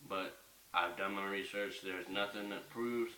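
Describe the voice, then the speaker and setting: A man's voice: sits low, steady tone, unhurried, pushed and bright. A young man ranting in a casual home vlog, heated and profane, rambling as he goes. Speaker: vlogger. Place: bedroom at home. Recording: echoey room, mic at a distance, faint hiss.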